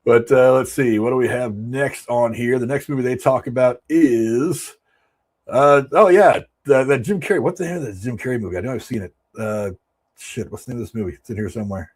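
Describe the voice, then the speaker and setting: A man's voice: medium pitch, fairly quick, darkish tone, slightly rough. A man in his forties hosting a casual movie commentary show, rambling offhand and reacting to quotes he reads aloud. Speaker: show host.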